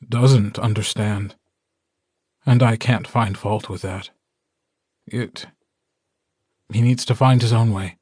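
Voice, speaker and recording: Gentle male werewolf alpha, read by a man: unhurried, warm-tempered, audiobook. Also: on the low side, steady tone, breathy edge, no echo. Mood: solemn. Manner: measured, gentle and teasing. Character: calm, kindly male werewolf alpha, older brother. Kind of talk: audiobook character dialogue.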